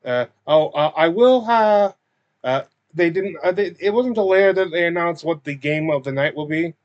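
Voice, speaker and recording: A man's voice: a little high, lively intonation, moderate pace. Hesitant man recapping, dull lo-fi sound. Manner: hesitant, many fillers and restarts. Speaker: recap video host. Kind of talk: casual spoken recap. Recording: dull lo-fi recording.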